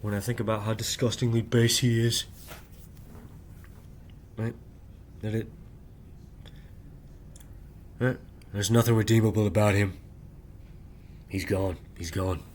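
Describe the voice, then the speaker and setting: A man in a rambling personal monologue, speaking in halting, clipped fragments and tagging nearly every phrase with "right?" in a confrontational way. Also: lowish voice, steady tone, a little mellow, a little hiss or hum. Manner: insistent, confrontational address. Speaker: vlogger.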